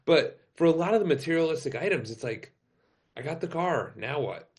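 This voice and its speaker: A man's voice: fairly high pitch, expressive, a little fast. Conversational male podcast host. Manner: conversational, asks long rambling questions. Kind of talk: casual interview chat. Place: remote call.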